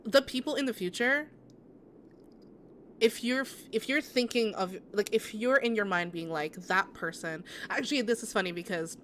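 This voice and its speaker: A woman's voice: on the high side, normal speed, fairly bright tone, a little hiss or hum. A woman game streamer in casual live-stream chat, answering her viewers with sympathy and rambling through many restarts.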